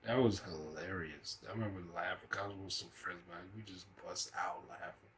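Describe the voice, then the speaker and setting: A man's voice: low voice, normal speed, a bit bright, a little hiss or hum, rough recording. A man hosting a reaction video, talking loosely and profanely as he laughs through stories. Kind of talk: casual reaction commentary.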